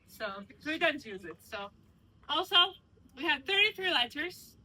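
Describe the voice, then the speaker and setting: Bright high-voiced female tour guide. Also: sing-song, moderate pace, rough recording. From Georgia. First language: Georgian. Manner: playful, teasing, explains with examples. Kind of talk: guided walking tour explanation. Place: outdoors in old city streets.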